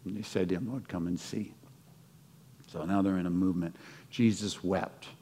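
A man's voice: deep voice, steady tone, brisk, mellow, slightly rough. A man preaching a sermon in a conversational way, stumbling over restarts, laughing at himself, then rising to fervent peaks. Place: church sanctuary. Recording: long hall reverb.

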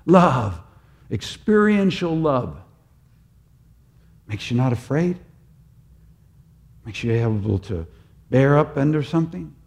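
Male pastor mid-sermon, gravelly voice, mid-range pitch, swinging from loud emphasis to soft, intimate prayer.

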